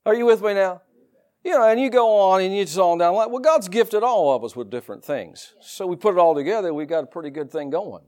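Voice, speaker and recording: A man with a Southern US accent preaches to his congregation in a loose, folksy way, full of asides and quick laughs. His voice sits a little high for a man and swings up and down with lively energy. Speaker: pastor. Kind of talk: sermon.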